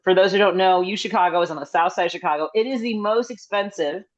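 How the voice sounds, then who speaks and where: A middle-aged woman comedian telling stories in a rambling, chatty way with quick asides, over a video call. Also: fairly low pitch. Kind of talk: casual comedic storytelling. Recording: slightly dull video-call audio.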